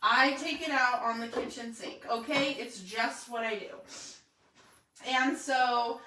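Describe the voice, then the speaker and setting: A woman, telling a personal story to viewers in a chatty, animated way and often asking "right?". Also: on the high side, slow, noisy background. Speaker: real estate agent.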